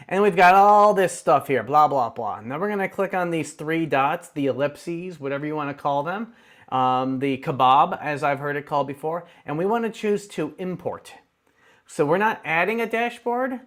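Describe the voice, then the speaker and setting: A man casually walking viewers through a software tutorial on screen, chatty and upbeat with playful asides, speaking into a close desk microphone. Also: fairly high pitch. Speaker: tech tutorial host.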